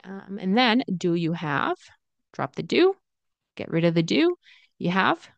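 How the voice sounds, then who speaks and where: A woman teaching English pronunciation, repeating example phrases slowly and then at natural speed. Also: medium pitch, big pitch swings, creaky, dry recording, highs cut off.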